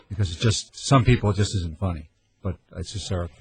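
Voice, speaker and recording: A man's voice: low-pitched, fast talker, darkish tone, slight background noise, low-quality recording. A man co-hosting a radio talk show, chatting about books he likes. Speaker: radio co-host.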